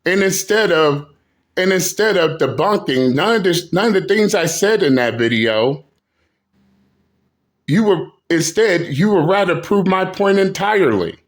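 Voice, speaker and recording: A man's voice: high voice, animated, a little slow. A man hosting a commentary channel, ranting combatively with insults and frequent restarts. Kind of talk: reaction rant commentary.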